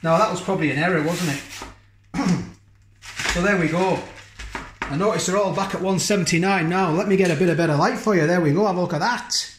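A man's voice: high voice, fairly quick, pauses often, slight background noise. A man chatting casually in a food review vlog from his home kitchen, rambling and tacking tag questions onto his sentences.

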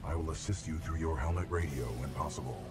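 A man's voice: fast, over loud music. An actor playing a huge male military robot that speaks in precise, dutiful, clipped reports. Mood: formal calm. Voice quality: deep, flat machine-like delivery. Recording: distant game audio under loud noise.

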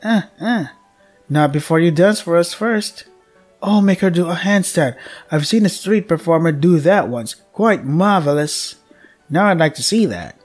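Haughty noblewomen who taunt in high, sing-song sneers, put on by a man reading a game. Their mockery sits over soft game music. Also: expressive, measured pace. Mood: cruel taunting. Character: cruel, mocking noble ladies at a party. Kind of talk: voicing a visual novel character.

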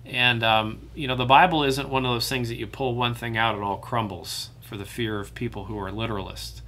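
A man's voice: medium pitch, fairly even intonation, fairly quick, pushed and bright. A man leading a church Bible study, talking in a loose, conversational way with many fillers and restarts.

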